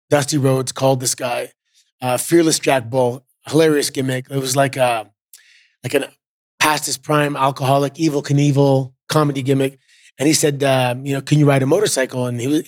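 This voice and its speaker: A former wrestler in middle age, Canadian-born, relaxes into storytelling as a podcast guest, scattering fillers throughout the casual chat. His medium-pitched voice comes through at studio quality without echo.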